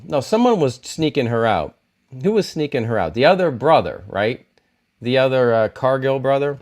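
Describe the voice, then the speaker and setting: A man hosting a casual livestream, talking about TV episodes in a rambling, self-correcting way and reacting to viewers in the chat. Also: mid-range voice. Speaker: YouTube host reviewing TV shows.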